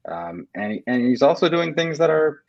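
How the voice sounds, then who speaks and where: A man talking casually as a guest in an interview, relaxed and rambling, with lots of fillers and restarts. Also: a little high, moderate pace, gravelly, dry recording, highs cut off. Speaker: guest, whiskey portfolio director. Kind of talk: casual video-call interview.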